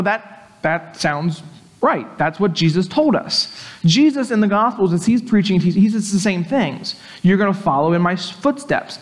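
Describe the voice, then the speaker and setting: A man preaching a sermon as pastor, conversational, acting out the quoted speech of the people he talks about. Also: high voice.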